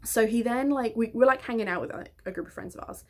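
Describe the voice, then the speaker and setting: A woman in her twenties chatting in a get-ready-with-me vlog, self-mocking and quick to laugh, talking to the camera at home. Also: fairly high pitch, a little mellow. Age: 20s. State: hair still wet. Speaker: vlogger and author.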